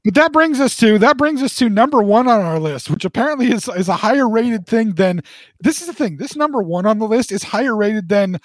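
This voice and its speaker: Podcast co-host, male, high animated voice, stammering rambler, dry sound. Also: brisk, dry recording. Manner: rambling, stammering repeats, chuckling. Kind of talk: casual podcast banter.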